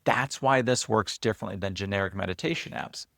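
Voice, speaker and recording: Gravelly low-voiced man, casual walkthrough. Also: fairly quick, no echo, studio quality. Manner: relaxed, chatty, loose with fillers and restarts. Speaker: host and app founder. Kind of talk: casual screen-share walkthrough.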